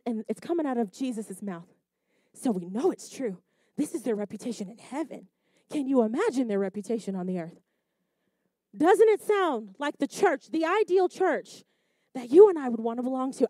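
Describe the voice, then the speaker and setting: A woman preaching a sermon, who builds to loud emphatic repeated phrases and then drops to soft, reflective asides. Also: a little high, no echo.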